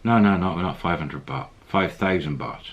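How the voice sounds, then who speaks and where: Guy putting on a pushy young bar girl, blunt choppy lines, kinda husky. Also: low voice, moderate pace, lo-fi sound. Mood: demanding. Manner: blunt broken phrases. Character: young woman bar girl demanding money, insistent.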